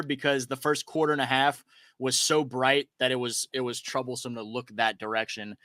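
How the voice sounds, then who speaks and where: Bright, crisp-voiced man recapping plays. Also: medium pitch, no room sound. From Louisiana. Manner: detailed play-by-play recapping. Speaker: co-host. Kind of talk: casual sports podcast chat.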